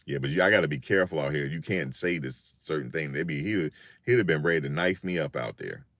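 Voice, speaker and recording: Low-voiced older New man joking. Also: normal speed, dry recording. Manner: animated, jokey, repeats himself. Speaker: vlogger. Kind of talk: casual storytelling monologue.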